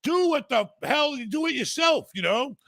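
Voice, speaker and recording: An older man hosting a podcast, talking bluntly and profanely, mocking and often shouting. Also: very high voice, animated, normal speed, gravelly. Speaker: podcast host. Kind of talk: blunt casual chat.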